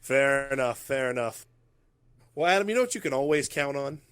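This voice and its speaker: American male podcast host, loose and jokey, mid-pitched, quick bursts of chat. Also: animated, a bit bright, clear, resonant tone.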